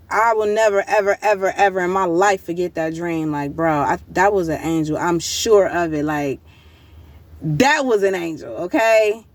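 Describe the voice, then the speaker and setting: A woman casually telling a vivid dream story, excited and full of slang and fillers. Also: fairly low pitch, moderate pace, no echo. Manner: excited, animated slang-heavy retelling with many fillers. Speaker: vlogger recounting a dream.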